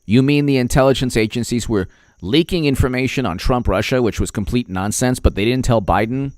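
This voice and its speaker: A man's voice: medium pitch, brisk, darkish tone, no echo, studio quality. A man giving political commentary on a vlog in a rambling, sarcastic way, often restarting his sentences.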